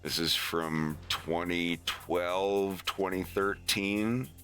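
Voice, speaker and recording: A man streaming his animation work, chatting casually and rambling with halting restarts. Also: low-pitched, fairly bright tone, soft background music.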